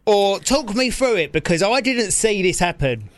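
A man's voice: high voice, sing-song, normal speed, no room sound, clean studio sound. A man hosting a casual chat and prodding his guest with teasing questions. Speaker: podcast host.

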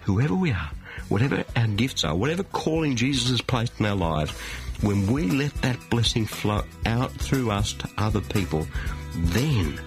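A man's voice: on the low side, sing-song, normal speed, soft background music. A middle-aged man preaching a sermon in a studio, emphatic and full of rhetorical questions.

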